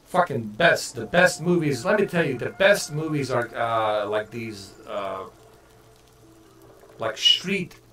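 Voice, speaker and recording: A man's voice: medium pitch, animated, slow pace, pushed and bright, faint music behind. A man chatting casually while streaming a game, rambling and swearing freely. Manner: rambling, profane, many fillers and restarts. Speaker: gaming streamer.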